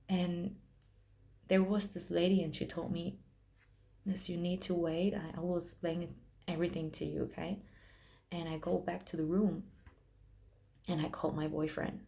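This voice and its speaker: A young woman telling her own hospital story in a personal vlog, emotional and halting, with many restarts. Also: fairly low pitch, little pitch movement, creaky, a little mellow.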